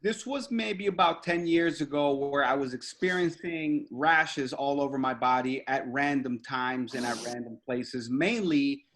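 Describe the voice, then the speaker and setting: A man chats casually on a podcast, eager to share his own story. He speaks at an ordinary mid pitch. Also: unhurried, hardly any pauses, a bit bright. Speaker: guest comedian.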